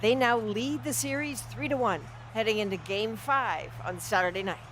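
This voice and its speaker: A news anchor reading scripted news items in a crisp, measured delivery. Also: mid-range voice, fairly bright tone, slight background noise.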